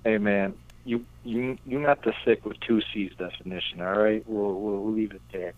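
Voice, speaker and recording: A man's voice: lowish voice, fairly even intonation, normal speed, dry recording, narrow, tinny audio. A man doing crude comedic bits, rambling and hesitant.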